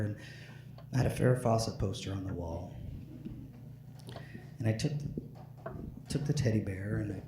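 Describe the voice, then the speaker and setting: Here a man with an expressive, medium-pitched voice does stand-up while a bit drunk, his delivery halting and rambling with plenty of fillers and false starts. Background noise and faint ambience fill an echoey room.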